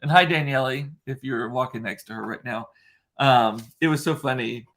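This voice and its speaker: Chatty man, middle-pitched, rambling. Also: normal speed, fairly bright tone. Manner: chatty and rambling, frequent fillers. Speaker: host. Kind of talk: casual solo chat.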